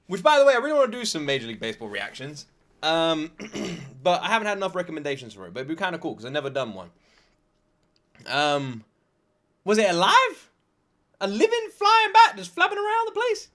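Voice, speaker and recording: A man's voice: high-pitched, a little fast. A British man hosting a reaction video, joking and laughing as he comments. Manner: excitable, joking, laughs a lot.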